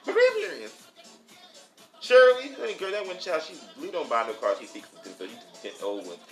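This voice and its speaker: Sassy, profane man with a lively voice. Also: mid-range voice, fast. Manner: sassy, profane, animated, calls listener honey and child. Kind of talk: casual storytelling. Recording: roomy echo with faint music.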